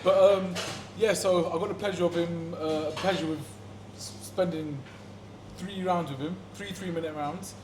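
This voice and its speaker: A man's voice: sits high, steady tone, moderate pace, background noise. A man co-hosting a podcast in casual chat, playful and self-mocking, laughing often. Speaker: podcast co-host. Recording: echoey room with crowd chatter.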